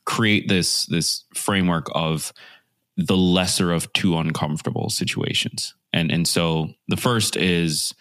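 A man hosting a podcast, summing up ideas thoughtfully and slowly with many restarts. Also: low-pitched, steady tone, a bit bright, no room sound, clean studio sound. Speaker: podcast host. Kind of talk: podcast interview.

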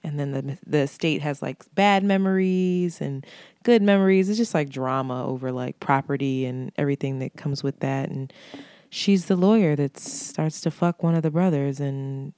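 A woman co-hosting a podcast, chatting casually, frank and giggly and quick to swear. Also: low-pitched, warm tone, clear, resonant tone, no echo, studio quality. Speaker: podcast co-host. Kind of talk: casual chat.

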